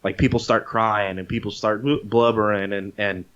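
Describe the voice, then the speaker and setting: A man's voice: fairly low pitch, normal speed, smooth. Lo-fi, swearing male storyteller. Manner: animated storyteller, swears freely, acts out quotes. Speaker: podcast co-host. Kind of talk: casual chat retelling a movie. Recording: dull lo-fi podcast audio.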